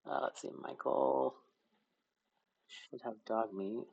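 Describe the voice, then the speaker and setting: A man's voice: mid-range voice, slow pace, creaky, a little mellow, slightly rough, dull audio. A young man narrating as game master in casual, laugh-filled speech with many fillers.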